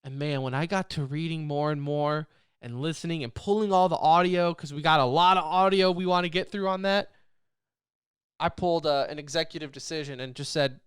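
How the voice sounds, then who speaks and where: A man co-hosting a casual esports podcast, talking in an animated, rambling way and laughing often. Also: a little high, brisk, clear, resonant tone, no echo, clean studio sound. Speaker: podcast co-host.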